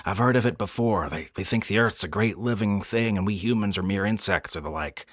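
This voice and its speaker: A man's voice: lowish voice, fairly quick, fairly bright tone, no room sound, studio quality. A man voicing a thoughtful, speculative male geologist who reasons his ideas out in a musing way.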